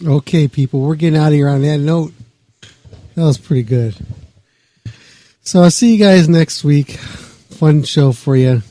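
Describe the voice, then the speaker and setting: A man's voice: fairly high pitch, measured pace, long pauses, mellow. A male podcast host signing off the show in a loose, rambling way that trails off. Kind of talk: casual show sign-off.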